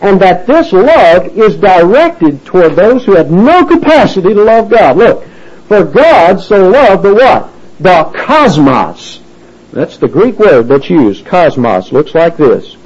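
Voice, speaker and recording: A man preaches through a Bible verse in slow, careful detail, spelling out words and leaning hard on each key term. His fairly high voice swoops up and down with emphasis. The recording is dull and lo-fi. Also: sing-song, a little mellow. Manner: deliberate, stresses single words with rising pitch, spells words out. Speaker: Bible teacher.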